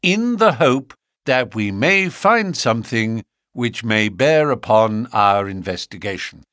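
A man reading an audiobook, voicing a confident, theatrical gentleman detective who speaks in a measured, persuasive and gently lofty way. He stays close to his own reading voice. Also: medium pitch, lively intonation, no room sound.

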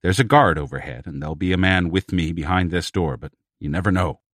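A man's voice: sits low, fairly quick, a bit bright, dry recording, studio quality. A man voicing a guarded male advisor. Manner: cautioning, clipped.

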